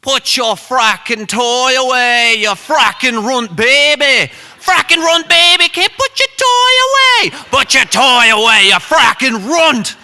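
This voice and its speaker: Man doing a put-on Irish accent, bullying young Irish tough, high shouting voice, sharp tone, echo of a big hall. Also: big pitch swings, slow, few pauses, exaggerated voice. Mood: jeering. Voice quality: loud, jeering, shouting insults. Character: brawny young male Irish tough, foul-mouthed and bullying. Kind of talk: live storytelling performance.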